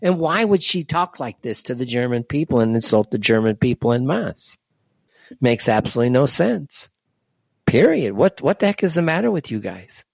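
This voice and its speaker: A man's voice: mid-range voice, big pitch swings, moderate pace, gravelly, a little mellow, breathy edge, no echo. A man hosting a solo commentary show, delivering an indignant rant with a stream of rhetorical questions. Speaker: show host. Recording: dull lo-fi, dry.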